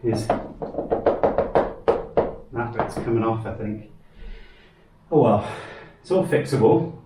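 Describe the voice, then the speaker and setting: A man's voice: lowish voice, lively intonation, slow pace, reverberant, heavy background noise. A man chatting casually on a home vlog while renovating his house, rambling and self-deprecating. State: out of breath. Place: house under renovation, indoors.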